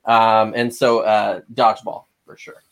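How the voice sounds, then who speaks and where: A man's voice: on the low side, flat delivery, measured pace, fairly bright tone. A man co-hosting a casual podcast, moving the talk along in a dry, matter-of-fact way. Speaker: podcast co-host. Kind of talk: casual chat.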